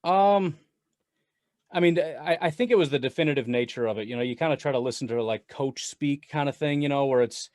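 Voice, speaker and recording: A man talking sports as a guest on a casual podcast, animated and rambling with frequent laughs. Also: a little high, a little fast, no room sound, clean studio sound. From Wisconsin. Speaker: guest Packers commentator.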